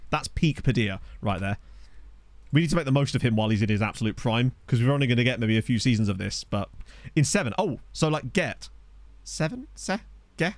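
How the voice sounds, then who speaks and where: A young man giving chatty, excitable live commentary on a football management game while streaming and answering his chat. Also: mid-range voice, fairly quick, dry recording. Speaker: gaming streamer. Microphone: desk USB microphone.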